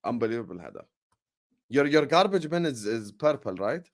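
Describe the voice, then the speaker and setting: A man hosting a football livestream, talking in a hype, energetic way with lots of ums and uhs. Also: mid-range voice, normal speed. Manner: energetic, hype-style announcing with frequent fillers. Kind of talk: casual livestream chat.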